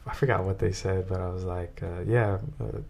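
A man's voice: deep voice, fairly even intonation, normal speed, creaky, a little mellow, slight background noise. A man co-hosting a podcast, telling loose, slangy stories in casual chat and laughing often. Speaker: podcast co-host.

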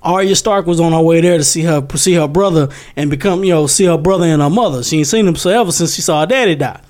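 A man's voice: a little high, fast talker, darkish tone. A man in casual chat, animatedly retelling a story and repeating phrases for effect.

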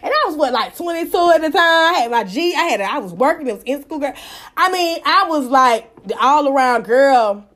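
A woman telling a personal story in casual, profane, animated talk. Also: high-pitched, fairly quick.

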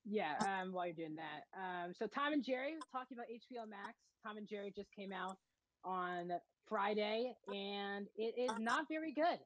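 A woman's voice: medium pitch, animated, moderate pace, dry recording. Woman talking movie reviews on a podcast, plain and casual, kinda muffled audio. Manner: matter-of-fact, frequent ums.

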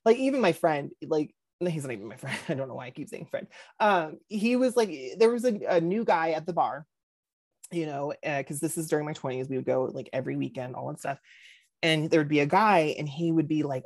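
A man's voice: fairly high pitch, a little fast, no room sound. A man co-hosts a casual podcast, spinning stories with playful acted-out dialogue and constant laughter. His voice is recorded close and dry, with no room sound around it. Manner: animated storyteller acting out quotes, laughs often. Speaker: podcast co-host. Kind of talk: casual chat.

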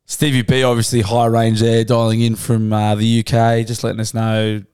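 Blunt, sweary podcast co-host. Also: male voice, mid-range voice, completely flat delivery, moderate pace, a little mellow, clean tone, dry recording, clean studio sound, soft background music. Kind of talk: casual banter.

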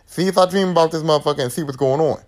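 A man's voice: a little high, racing, close to an everyday voice. Man voicing a stubborn profane teen girl. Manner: blunt and profane. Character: teenage girl investigating, stubborn, suspicious.

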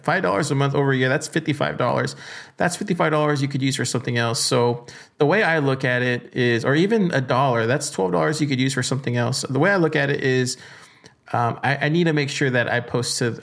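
A man with a gravelly, creaky edge to his voice hosts a podcast on his own. He talks casually and rambles, with plenty of ums and restarts, at an ordinary pitch. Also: fairly bright tone. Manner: loose and chatty with many fillers. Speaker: podcast host. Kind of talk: casual solo podcast talk.

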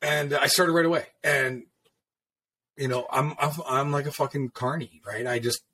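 A male tattoo veteran reminisces about his career in casual, rambling fashion, peppering his talk with profanity and filler words. He speaks at normal speed in a medium-pitched, sharp-toned voice with fairly even intonation.

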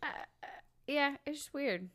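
A woman's voice: high voice, animated, moderate pace, fairly bright tone. A woman co-hosting a podcast in casual chat, wry and chatty, often asking the others questions. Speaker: podcast co-host.

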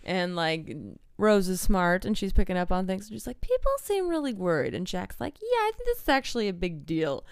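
A young woman co-hosting a podcast, retelling a story in a lively, casual way and acting out quotes. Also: mid-range voice, brisk, clear, resonant tone, no echo, studio quality. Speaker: podcast co-host. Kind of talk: casual chat.

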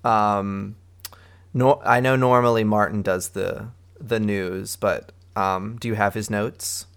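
A man's voice: lowish voice, fairly even intonation, slow pace, a bit bright, clear, resonant tone. A man hosting and editing a casual podcast, joking playfully with his co-hosts. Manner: playful, jokey, laughs easily. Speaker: podcast host and editor.

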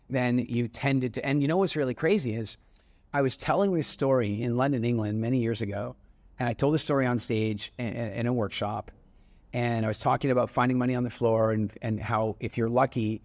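A middle-aged man, an entrepreneur guest, telling stories in a casual, animated way with frequent restarts and acted-out dialogue. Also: mid-range voice, brisk. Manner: animated storyteller with many restarts, acting out dialogue. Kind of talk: casual storytelling interview.

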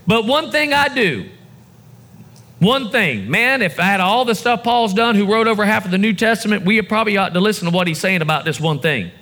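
A male pastor delivers a sermon to a church congregation, his voice sitting high and ringing bright. He preaches with building emphasis in a call-and-response style. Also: fast, hardly any pauses. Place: church service before a congregation.

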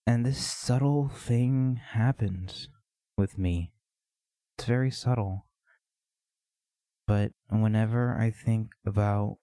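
A man with a low, mellow voice speaks slowly into a close podcast mic, pausing often as he thinks aloud. His talk is reflective and halting, like a personal confession. The recording is dry, with no room sound. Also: no echo. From United States. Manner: reflective, halting, with many pauses. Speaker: podcast host.

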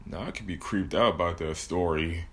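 A man's voice: low-pitched, moderate pace, fairly bright tone. A man telling a comic horror story with jokey asides about his own plot.

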